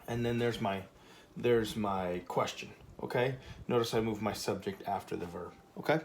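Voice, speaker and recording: Relaxed man teaching, many fillers. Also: fairly low pitch, normal speed, gravelly, slight background noise. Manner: relaxed, chatty, many fillers and "okay?" checks. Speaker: Spanish teacher. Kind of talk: casual classroom lesson at a whiteboard.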